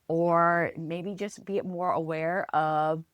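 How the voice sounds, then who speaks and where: Woman host talking health stuff, lowish voice, calm and encouraging, dry close sound. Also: slow, smooth, dry recording, muffled recording. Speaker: physical therapy podcast host. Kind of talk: casual health chat.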